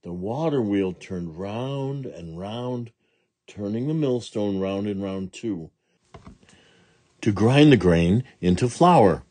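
A man with a low, mellow and slightly husky voice reads a children's storybook aloud. He goes slowly, with a lively, rising and falling melody. The sound is dry and close to the mic. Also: dry recording. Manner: slow, gentle and expressive. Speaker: storybook reader.

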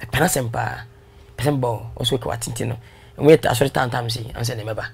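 A man being interviewed, telling his story in a casual, animated way and switching into English now and then. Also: medium pitch, brisk, creaky, breathy edge. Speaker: guest.

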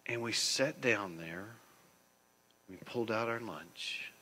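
Pastor, male, emphatic sermon delivery that drops to a hush, in a big echoing sanctuary. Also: lowish voice, lively intonation, slow pace. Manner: swings between hushed and loud, emphatic. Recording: long church hall reverb.

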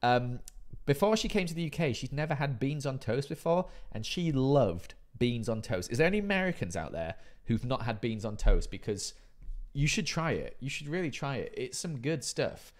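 A man's voice: medium pitch, animated, normal speed, hardly any pauses. A man in his thirties, chatting casually with his live stream audience and reading out chat messages in a playful way. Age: 30s. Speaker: livestreamer.

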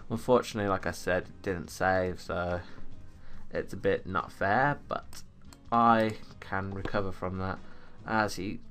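A teenage gaming YouTuber rambles through casual stories while commenting on an online game, recording at home on a USB desktop mic. His voice is deep and a bit bright, with a steady tone and slightly slow pace, and faint music plays behind him.

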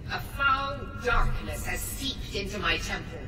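A woman's voice: mid-range voice, expressive, a little slow, lightly acted. A woman voicing an imperious female deity in a video game, speaking solemnly from afar, heard through echoey distant game audio with music under it. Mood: commanding.

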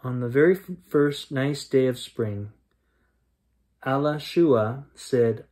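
A man's voice: mid-range voice, takes it slowly. Man reading a bedtime story aloud. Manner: animated reading, raises voice for yelled lines. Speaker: storyteller reading a children's book. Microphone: camera mic, close to the camera.

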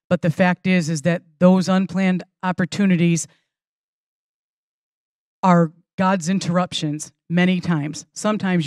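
Teaching a women's class, a middle-aged pastor talks to mothers in an earnest, chatty manner, emphasizing the important points and punctuating them with restarts and small laughs. Her lowish voice is slightly mellow, captured in clean studio sound with no room ambience.

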